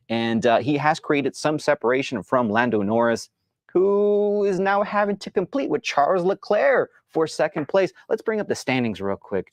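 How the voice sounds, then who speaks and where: A man's voice: mid-range voice, no room sound. A man hosting a sports show, chatting casually about games with lots of restarts and fillers. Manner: rambling, many restarts and fillers.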